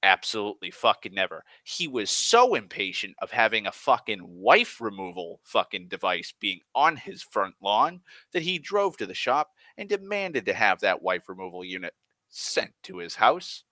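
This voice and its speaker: A man's voice: lowish voice, big pitch swings, normal speed, sharp tone, no echo. A man telling a work story as an exasperated, swearing rant, often restarting his sentences. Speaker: online storyteller. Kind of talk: profane rambling rant.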